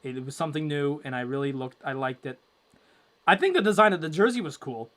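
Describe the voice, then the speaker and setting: A young man hosting a casual live hockey watchalong, rambling with lots of fillers and breaking into loud exasperation. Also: a little high, lively intonation, fast talker. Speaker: livestream watchalong host.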